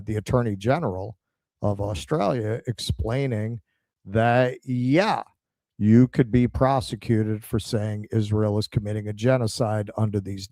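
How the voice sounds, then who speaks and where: A man's voice: lowish voice, warm tone, dry recording. Dry-voiced man reading news with sardonic asides. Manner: sardonic, reads headlines in a slower measured tone. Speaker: political show co-host. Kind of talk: reading news clips aloud and commenting.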